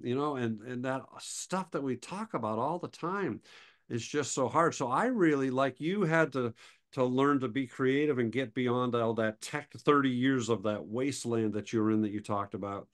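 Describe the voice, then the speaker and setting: A man's voice: mid-range voice, moderate pace. A middle-aged man co-hosting a photography talk show, telling stories in casual chat, chuckling often and turning wistful when he remembers old friends. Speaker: podcast co-host.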